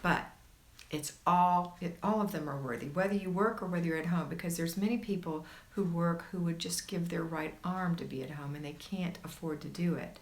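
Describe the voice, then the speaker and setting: A woman with a fairly low voice, speaking at normal speed, hosts a casual homemaking livestream. She reads viewer comments aloud and reassures her audience in a chatty way.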